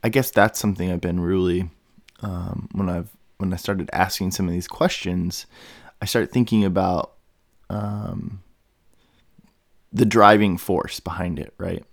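A man's voice: sits low, fairly even intonation, measured pace, gravelly, no echo, clean studio sound. A man hosting a solo podcast, thinking aloud in a meandering way with many fillers and restarts. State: has the hiccups. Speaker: podcast host. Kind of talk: rambling solo podcast monologue.

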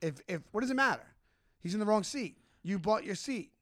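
A man's voice: sits high, fairly quick, no room sound, clean studio sound. A young man with a Long Island accent, co-hosting a casual podcast chat and acting out mocking voices. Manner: animated, acts out mocking voices. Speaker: podcast co-host.

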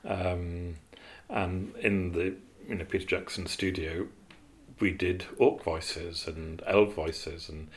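A man with a very low voice recalls his years as an animator in a relaxed interview. He wanders through his stories, trailing off with ums and starting over mid-sentence. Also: slow pace. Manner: rambling, with many fillers and restarts. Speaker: animator guest. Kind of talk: interview storytelling.

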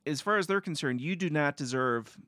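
A man's voice: on the high side, lively intonation, fairly quick, bright, forceful tone, no room sound, studio quality. A man co-hosting a podcast in casual chat, mostly agreeing and backing up his partner. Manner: agreeable, backs up the other host. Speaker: podcast co-host.

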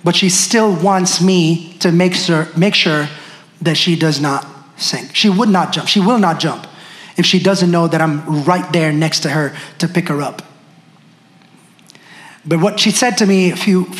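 Male pastor, high voice, lively storytelling sermon, roomy echoey sound. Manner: animated, addresses the congregation directly. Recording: echoey room.

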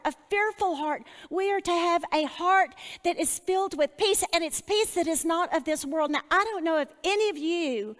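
A woman's voice: high voice, big-room sound. A woman giving devotional Bible teaching in an earnest, personal way. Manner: earnest, personal, with a shared testimony.

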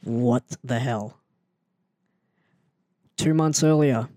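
A man telling a story in a casual, animated and self-mocking way, often jumping into an excited higher voice. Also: drawn-out words, no echo, clean studio sound. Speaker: storyteller recounting his wrestling start.

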